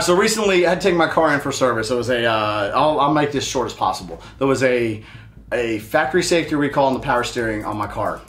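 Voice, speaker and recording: A man's voice: mid-range voice, fairly bright tone. A man hosts his own show and rants about a bad experience, swearing freely and heatedly. His voice carries a roomy echo, with faint music underneath. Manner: profane, heated storytelling. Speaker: show host. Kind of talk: casual ranting monologue.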